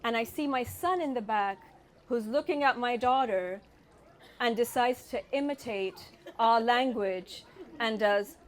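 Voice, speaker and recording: A British-raised woman in her forties doing a stand-up set, with a British accent softened by California and a wry, punchline-driven way of telling stories. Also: a little high, a little slow. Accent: British with a slight Californian tinge. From United Kingdom. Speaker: stand-up comedian.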